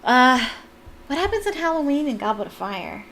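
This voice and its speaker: A woman's voice: high-pitched, sing-song, normal speed, fairly bright tone, slight background noise. A young woman reading a book aloud as a fan, with chatty, jokey asides. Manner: chatty, jokey, laughs at the text. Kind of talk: casual read-aloud with commentary.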